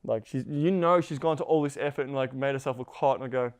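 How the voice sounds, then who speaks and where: A man's voice: mid-range voice, fast, hardly any pauses, smooth. A man giving casual spoken instruction as a coach, rambling with lots of "like" fillers. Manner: rambling, heavy use of "like" fillers. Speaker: intimacy coach.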